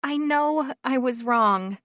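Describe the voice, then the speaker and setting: A woman's voice: high-pitched, expressive, normal speed, a bit bright, no echo, studio quality, pitched above the performer's own voice. A woman voicing a timid, feathery-voiced young singer. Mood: tearful, apologetic. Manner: feathery, quivering, apologetic. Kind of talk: audiobook narration.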